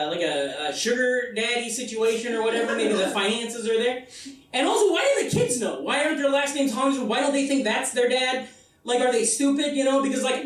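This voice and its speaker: A man performing a solo comedy show, telling a rambling, incredulous story full of swearing. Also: very high voice. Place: festival theater stage. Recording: echoey room from far off.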